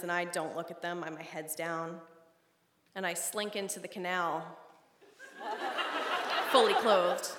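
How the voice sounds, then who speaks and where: A woman tells a funny personal story live on stage, her voice dropping to a hush and then rising loud. The sound is roomy, with a long hall echo. Steady noise runs underneath. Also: mid-range voice. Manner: animated, comic, swings between hushed and loud.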